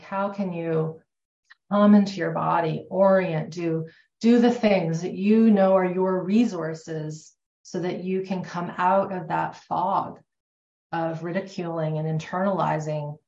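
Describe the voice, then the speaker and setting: A woman's voice, on the low side with a darkish tone, teaches a somatic therapy class. She talks conversationally, self-corrects frequently and plays out the lines she quotes. The room echoes and the sound is dull and lo-fi.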